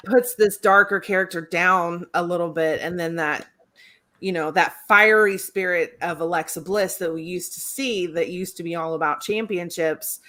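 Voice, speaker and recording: Woman, bright and forceful, casual thinking-aloud talker. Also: fairly low pitch. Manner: thinks aloud at length, laughs often. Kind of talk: casual chat.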